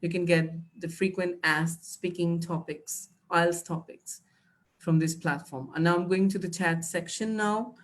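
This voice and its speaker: Teaching IELTS prep live online, a woman answers questions from the chat and offers tips, addressing students as "dear." Her voice is fairly low and steady, and she keeps a measured pace.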